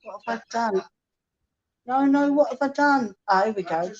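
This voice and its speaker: A woman's voice: fairly high pitch, normal speed. A woman chatting on a live stream as a guest, telling a story and quoting the people in it. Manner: chatty storyteller, quotes others. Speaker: guest musician. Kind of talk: casual live-stream chat. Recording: dull lo-fi stream audio.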